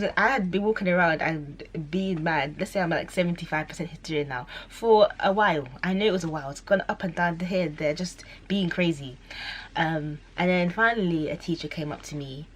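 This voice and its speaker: A young woman telling a story to camera in a chatty, rambling way, full of fillers and self-corrections. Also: a bit bright. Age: young adult. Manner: acts out quoted voices with sudden high squeals. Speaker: vlogger.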